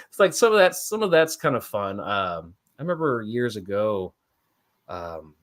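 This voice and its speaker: A man's voice: on the low side, sing-song, moderate pace, slight background noise. Laughing, rambling man telling stories. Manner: laughs often, rambling storyteller. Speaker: guest wrestler. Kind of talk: casual chat.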